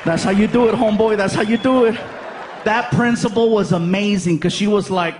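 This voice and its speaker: Male stand-up in his thirties, high voice, animated storyteller, faint noise under it. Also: fairly quick, some chatter behind. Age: 30s. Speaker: stand-up comedian. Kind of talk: stand-up comedy set. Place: large live venue.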